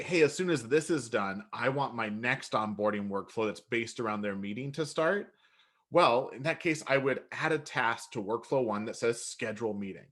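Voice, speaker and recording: A man co-hosting a live software webinar, jumping in to answer viewer questions in a conversational way with frequent restarts. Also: medium pitch.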